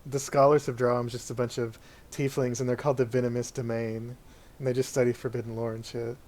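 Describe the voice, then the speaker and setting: A man's voice: medium pitch, level tone, a little fast, a little mellow, slight background noise. A man running a tabletop game, chatting casually with his players over a voice call and laughing often. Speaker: dungeon master. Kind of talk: casual chat planning a tabletop campaign. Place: voice chat call.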